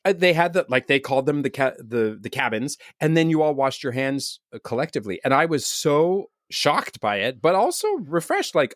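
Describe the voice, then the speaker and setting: A man's voice: fairly high pitch, very animated, normal speed, few pauses, dry recording, studio quality. A man co-hosting a podcast, chatting casually in a wry way and laughing often. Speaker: podcast co-host. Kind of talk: casual chat. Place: remote recording studio.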